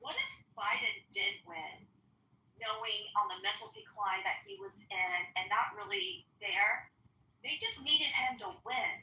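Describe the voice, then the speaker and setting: A woman's voice: medium pitch, measured pace, pushed and bright, distant mic. A woman guest in a political talk chat, emphatic and hesitant with ums, recorded off-mic in an echoey room with faint noise.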